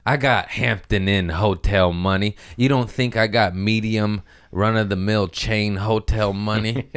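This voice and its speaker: A man's voice: lowish voice, fairly even intonation, unhurried, a bit bright, clean tone. A young man hosting a casual solo podcast, rambling and profane, often laughing at his own jokes. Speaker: podcast host.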